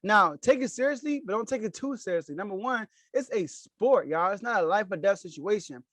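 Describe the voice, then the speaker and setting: Male sports podcast host, high-pitched, emphatic and repetitive, dry close recording. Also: expressive, brisk, fairly bright tone, no echo. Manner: emphatic, repeats key phrases. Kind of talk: solo sports opinion commentary.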